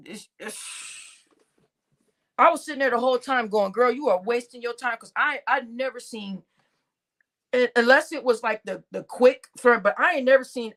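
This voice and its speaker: A woman's voice: on the high side, fairly bright tone. A woman hosting a livestream, chatting casually with viewers and a co-host, laughing often and calling the audience y'all.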